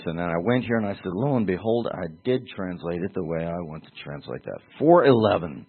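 A man preaching a Bible-teaching sermon in a husky voice, talking conversationally and pressing points with rhetorical questions. The sound is thin and tinny, like a phone line. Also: sits low, lively intonation, a little fast, hardly any pauses.

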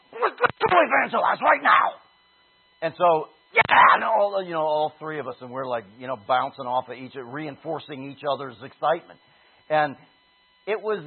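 A man preaching a sermon, telling a personal story with animated, shouted bursts. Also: fairly high pitch. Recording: husky voice over a tinny phone-like line.

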